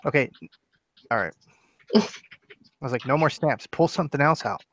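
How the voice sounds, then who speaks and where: A man's voice: medium pitch, expressive, normal speed, fairly bright tone. A man co-hosting a casual live stream, upbeat and teasing. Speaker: co-host.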